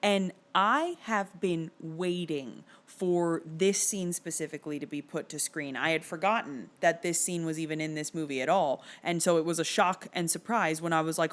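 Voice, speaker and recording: A woman with a fairly low voice gives a video-essay critique. She is sardonic and exasperated, and she picks apart the lines with animated disbelief. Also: moderate pace. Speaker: film reviewer.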